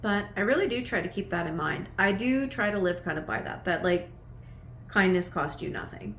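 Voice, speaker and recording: A woman's voice: on the low side, very animated, moderate pace, a bit bright, slight background noise. A woman in her thirties, a vlogger casually telling a personal story to camera in a meandering, chatty way. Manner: chatty, meandering, full of "like" fillers. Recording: echoey room with faint ambience.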